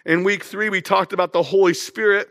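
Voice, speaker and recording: Young man, pastor, casual chatty sermon, high voice, long church-hall reverb. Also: fairly even intonation, fairly quick, a bit bright. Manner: casual, chatty, engages the congregation.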